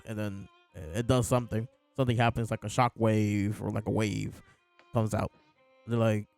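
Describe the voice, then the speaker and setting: A man's voice: mid-range voice, fairly even intonation, brisk, a little mellow, dry recording, soft background music. A man casually chatting as a show host, amused and laughing often as he talks. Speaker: podcast host reviewing manga. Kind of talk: casual chat.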